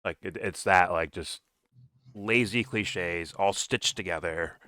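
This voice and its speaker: Deep-voiced young guy, casual mocking banter, dry close sound. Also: slow, bright, forceful tone, no echo. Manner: mocking, laughing, acts out exaggerated quotes. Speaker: co-host reacting to reviews.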